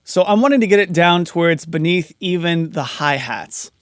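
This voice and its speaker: A man's voice: on the high side, expressive, moderate pace, clear, resonant tone, no echo, studio quality, faint music behind. A man teaching audio compression in a casual, step-by-step tutorial, talking through each setting as he goes. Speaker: audio mixing instructor. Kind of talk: screen-recorded tutorial explanation.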